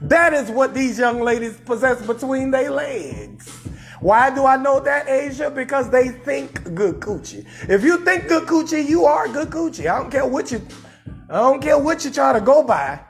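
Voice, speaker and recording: A man from New Orleans with a New Orleans accent, a comedian hosting a live stream and roasting someone in a loud, profane rant with shouted bursts. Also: extremely high pitch, sing-song, normal speed, soft background music. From New Orleans, USA.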